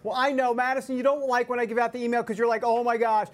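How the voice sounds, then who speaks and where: A man's voice: extremely high pitch, level tone, rapid-fire. A man in his forties hosting a casual news chat show, joking, laughing often and wandering into asides. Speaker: show host.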